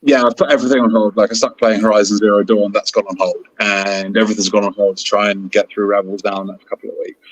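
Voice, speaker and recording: A man co-hosting a podcast in casual chat, excitable and rambling, with bursts of enthusiasm. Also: on the low side, fast, breathy edge, no room sound, low-quality recording. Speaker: podcast co-host.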